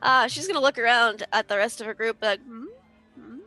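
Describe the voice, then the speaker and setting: A woman playing her character in a tabletop game, talking quickly and animatedly. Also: on the high side, sharp tone, faint music behind, poor audio. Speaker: player.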